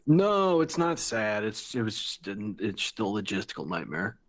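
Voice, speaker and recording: A man's voice: fairly low pitch, sing-song, normal speed. A man calling into a live show, talking in a laid-back, matter-of-fact way. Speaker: caller. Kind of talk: casual phone-in chat.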